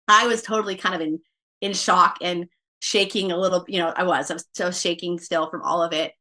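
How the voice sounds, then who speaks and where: A woman's voice: on the low side, steady tone, fairly quick, pushed and bright. A woman guest on a podcast, telling a personal story casually and quoting her own thoughts aloud with many fillers.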